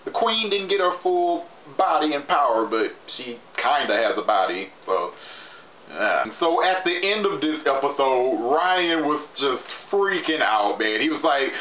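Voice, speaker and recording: A young adult man giving a chatty, animated review with plenty of fillers. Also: on the high side, normal speed. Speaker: show reviewer. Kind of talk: casual review vlog. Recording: roomy, slightly muffled recording with faint hiss.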